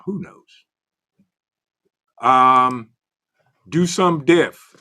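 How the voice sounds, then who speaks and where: Animated man hosting a chat stream. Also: mid-range voice, takes it slowly. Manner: greets chat viewers by name, animated and loose. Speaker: livestream host. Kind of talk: casual livestream chat reading comments.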